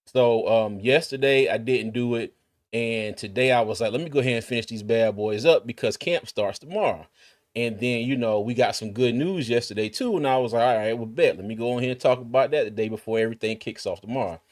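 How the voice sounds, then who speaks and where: A man's voice: mid-range voice, fairly quick. A man hosting a casual sports live stream, laid-back and chatty, with many fillers and restarts. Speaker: sports podcast host.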